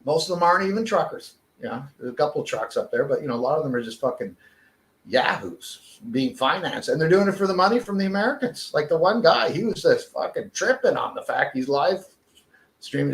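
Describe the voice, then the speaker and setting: Gravelly man ranting with heavy swearing. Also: on the high side, lively intonation, a little fast. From Canada. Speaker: podcast co-host. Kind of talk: casual chat. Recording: echoey room.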